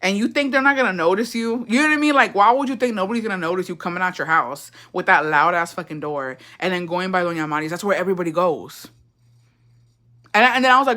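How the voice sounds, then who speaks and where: A young woman with a lowish, bright, forceful voice speaks at a quick pace. As a livestream host in a casual storytime chat, she tells a profane, gossipy family story, laughing and switching into Spanish phrases amid her English.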